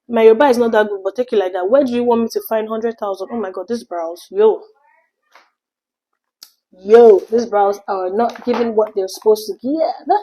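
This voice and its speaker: A young adult woman from Nigeria, telling an animated storytime vlog and slipping in pidgin phrases. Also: fairly high pitch, moderate pace, low-quality recording. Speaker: vlogger.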